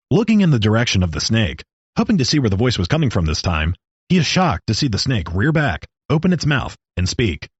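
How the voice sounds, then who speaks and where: A man narrating a story with a steady, descriptive reading. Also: on the low side, fairly quick, breathy edge, no echo, dull audio.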